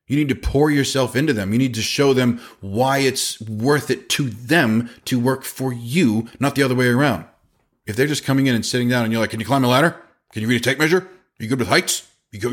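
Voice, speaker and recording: A man in his forties talks through a casual podcast monologue with a lower voice. He tells stories in an animated way and drops quick asides as he gives his business advice. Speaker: podcast host and business owner.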